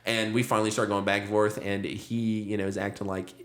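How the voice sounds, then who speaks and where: A man's voice: on the low side, level tone, a little fast, fairly bright tone. A young man and stand-up comic, casual podcast storytelling, rambling and swearing, acting out what people said and laughing often. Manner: rambling, swearing, acts out quotes, laughs a lot. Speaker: comedian, podcast host.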